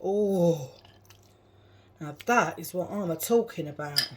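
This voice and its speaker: A woman's voice: on the low side, lively intonation, takes it slowly. A woman vlogger chatting casually through each step of her home cooking, laughing at herself as she goes. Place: home kitchen. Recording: kitchen clatter noise in background. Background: clattering dishes and cutlery.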